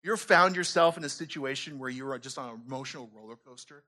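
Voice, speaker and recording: A male pastor preaching a lively sermon, acting out little scenes and jokes as he reads scripture. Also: medium pitch, fast. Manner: animated, acts out voices and jokes.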